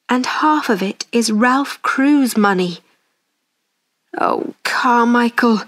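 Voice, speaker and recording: A woman voicing a wealthy, unhappy man full of guilt and worry, speaking slowly and earnestly in a slightly high voice. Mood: remorseful. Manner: slow, earnest, remorseful. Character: grieving wealthy man, guilt-ridden, anxious.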